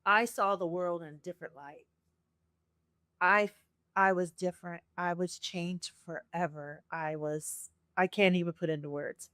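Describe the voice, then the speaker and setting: A woman's voice: on the low side, unhurried, no echo, studio quality. A woman guest on a podcast telling her personal story with feeling, acting out the voices she quotes. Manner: earnest, animated, acts out quoted voices.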